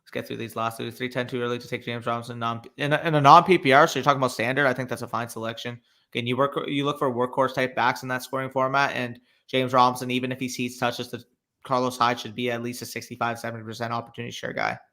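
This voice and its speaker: A young man with a bright, forward voice runs a casual live stream. He reads chat questions aloud and fires back loose, quick reactions. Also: mid-range voice, flat delivery. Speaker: fantasy football podcast host.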